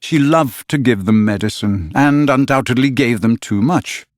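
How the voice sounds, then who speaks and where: A man narrates a storybook in a measured, expressive way. His voice sits at an ordinary male pitch. The studio recording is dry and close. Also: no room sound. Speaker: audiobook narrator. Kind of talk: scripted narration.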